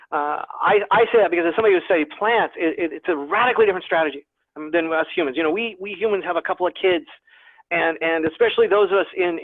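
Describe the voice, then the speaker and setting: High-voiced man lecturing over a tinny call. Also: dry recording. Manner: chatty, self-deprecating humor, repeats words. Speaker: guest lecturer, plant scientist. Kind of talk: online lecture to a naturalist club. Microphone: video call. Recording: tinny, phone-like video call audio.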